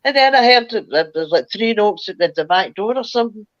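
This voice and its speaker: A woman's voice: medium pitch, animated, brisk, no room sound, lo-fi sound. An older woman, telling a rambling, chatty ghost story as a guest. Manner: rambling, chatty, laughs through her story. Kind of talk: casual storytelling.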